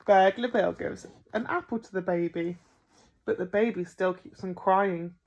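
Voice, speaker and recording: A woman reading a picture book aloud to children as a primary school teacher, expressive and playful. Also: medium pitch, moderate pace. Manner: expressive, with gasps and playful emphasis.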